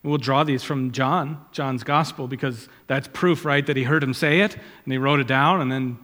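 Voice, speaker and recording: A man preaching a sermon, swelling loud and high when he quotes Scripture and dropping low and quiet on asides. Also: steady tone, moderate pace. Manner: rises in pitch and volume when quoting Scripture, drops low on asides. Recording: long hall reverb.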